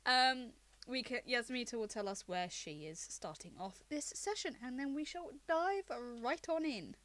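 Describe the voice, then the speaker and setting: A woman running a tabletop game as game master, recapping the story in a relaxed, chatty way. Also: high voice, normal speed, hardly any pauses.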